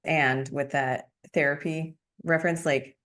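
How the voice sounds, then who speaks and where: A woman podcast host and love coach, explaining ideas calmly in a casual chat. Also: low-pitched, unhurried.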